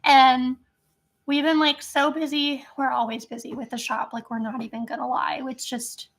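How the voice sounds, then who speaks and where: High-pitched chatty woman live-streaming. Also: flat delivery, normal speed. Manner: chatty, giggly, rambling. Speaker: vlogger. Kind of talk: casual live-stream chat.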